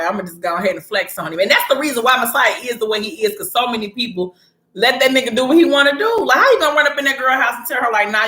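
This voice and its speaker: A woman casually recapping a story in blunt, animated, slang-heavy chat. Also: fairly high pitch. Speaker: vlogger recapping a TV series. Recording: echoey room.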